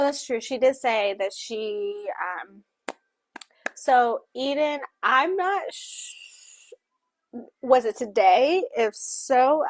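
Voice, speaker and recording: A woman with a fairly high-pitched voice co-hosts a laid-back book talk, signing as she speaks and voicing her signing co-host. Her delivery is halting and self-correcting, with no room sound.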